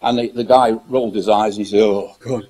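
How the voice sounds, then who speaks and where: Husky British man telling his story. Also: lowish voice, fairly even intonation, fast talker, warm tone, rough recording. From United Kingdom. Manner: emphatic, repeats phrases, acts out dialogue. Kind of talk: monologue telling a personal story.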